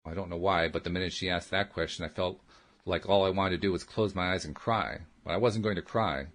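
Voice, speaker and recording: A man hosting a radio show, reading a memoir aloud in the first person with steady, earnest delivery. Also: low voice, a little fast.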